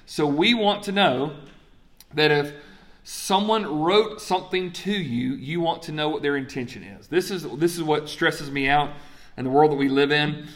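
A man's voice: on the high side, moderate pace. A man preaching a sermon in a conversational way, putting questions to the congregation and answering them himself. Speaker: pastor.

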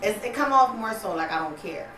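A woman's voice: mid-range voice, expressive, brisk, fairly bright tone. A woman chatting casually, telling blunt stories in a nonchalant way. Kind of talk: casual chat. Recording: roomy, distant mic, faint background noise.

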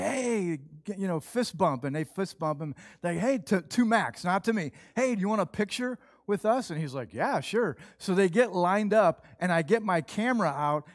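A middle-aged man preaching a sermon, telling a lively personal story and acting out what people said. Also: fairly high pitch, dry recording, studio quality. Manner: animated storytelling, acts out quoted voices. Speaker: pastor.

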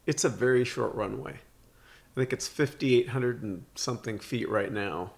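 A man chatting casually about aviation, speaking haltingly with many fillers. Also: medium pitch, gravelly. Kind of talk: casual chat.

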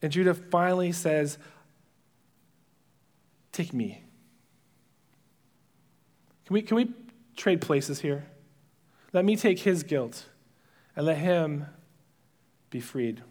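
A male pastor preaching a sermon, retelling a story dramatically and dropping to hushed whispers at its emotional moments. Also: on the high side, expressive, a little slow, long pauses.

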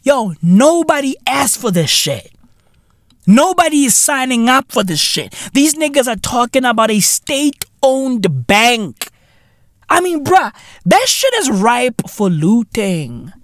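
A man delivers a foul-mouthed, sarcastic solo podcast rant full of slang. His pitch swings widely while he takes his time. The sound is dry and close, with no room around it. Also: very animated, slow, fairly bright tone, dry recording. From South Africa. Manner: profane, sarcastic, exasperated ranting with slang. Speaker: podcast host.

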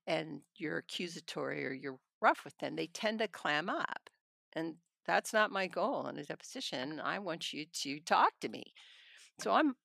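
A woman's voice: on the low side, vocal fry, pushed and bright, no room sound, studio quality. A middle-aged woman, a trial attorney, telling blunt stories in a casual podcast conversation and laughing often.

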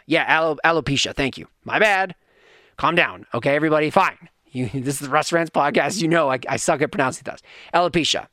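Animated, rambling podcast host man. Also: fairly high pitch, no echo, studio quality. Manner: animated, rambling, self-deprecating, with frequent restarts. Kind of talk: casual storytelling rant on a live stream.

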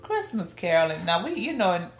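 A middle-aged woman with a New Orleans accent tells family stories with a storyteller's flair, her voice jumping high whenever she acts out what her relatives said. She sounds like she is in a roomy, echoing space, with soft music playing underneath. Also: fairly quick. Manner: lively storyteller, acts out family quotes with big pitch jumps. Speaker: podcast guest. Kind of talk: casual storytelling interview. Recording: roomy room with faint music behind.

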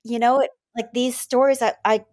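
A woman's voice: on the high side, fairly even intonation, normal speed, darkish tone. A woman who is a returning podcast guest, chatting eagerly and gratefully, often restarting her sentences. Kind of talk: casual podcast chat.

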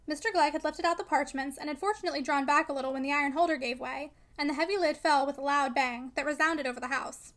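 A woman reading a classic novel aloud in steady scripted narration, voicing the dialogue quietly. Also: high-pitched, quick pace, hardly any pauses. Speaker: audiobook reader.

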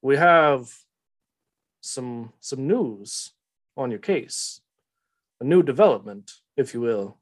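A man voicing a fatherly older police chief with a Southern US accent and a booming, stammering drawl. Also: animated, slow, long pauses. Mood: official.

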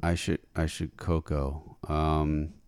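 A man hosting a live radio show in a studio, bantering casually with deadpan wisecracks. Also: rumbling low, takes it slowly, clear, resonant tone, dry recording. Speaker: radio host. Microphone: studio microphone.

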